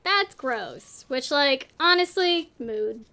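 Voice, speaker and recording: A high-pitched woman co-hosting a casual storytelling panel. She rambles, jokes at her own expense and gets animated as she goes. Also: slow pace, creaky. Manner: rambling, self-deprecating, animated. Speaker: panel co-host.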